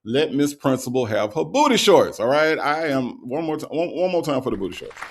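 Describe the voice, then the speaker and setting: A man hosting a livestream, reading out viewer comments and greeting each viewer in a relaxed, casual way with lots of ums, a little tired from the night before. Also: on the high side, brisk, some chatter behind. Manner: relaxed, greets viewers with repeated hellos, frequent ums and uhs.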